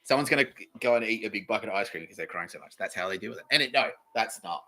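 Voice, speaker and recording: A man's voice: on the low side, lively intonation, very fast, sharp tone. A young Australian man hosting a podcast, rambling through a profane, sarcastic comedy monologue and often laughing at himself. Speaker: podcast host.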